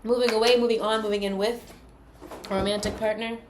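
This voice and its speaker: A woman's voice: a little high, little pitch movement, a little fast, echoey room, slight background noise. Chatty, foul-mouthed tarot-reading woman. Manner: loose, profane and chatty. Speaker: tarot card reader. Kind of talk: casual spoken tarot reading.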